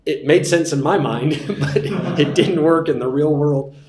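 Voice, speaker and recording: A man teaching a class on sermon delivery, relaxed and joking, repeating his key points. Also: a little high, measured pace, roomy sound, slight background noise. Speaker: preaching instructor.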